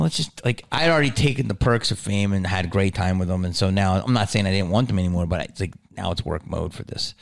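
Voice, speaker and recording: A male comedian in casual chat, telling a story in a profane, animated way. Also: sits low, vocal fry.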